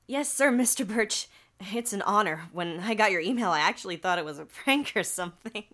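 Brief: a woman as an earnest young coder, mid-pitch. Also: expressive, fairly quick, a bit bright, close to an everyday voice. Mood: eager. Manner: eager, upset, earnest. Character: wronged young programmer, eager and upset.

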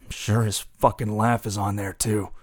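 A man's voice: lowish voice, level tone, moderate pace, dry recording, close to an everyday voice. A man playing a bitter newsstand vendor confessing a killing in a radio drama, profane and agitated. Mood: haunted.

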